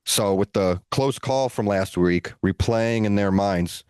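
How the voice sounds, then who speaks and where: A man co-hosting a podcast, telling a long story in an animated, relaxed way with playful asides. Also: fairly low pitch, a little slow, clean tone, no echo, studio quality. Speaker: podcast co-host. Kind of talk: casual storytelling.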